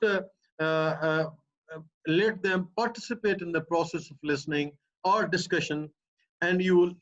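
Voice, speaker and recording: A man with a Pakistani English accent, a professor explaining a point emphatically and piling up repeated phrases. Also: a little high. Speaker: professor answering a student's questions. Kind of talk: explanatory academic talk. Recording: muffled lo-fi recording.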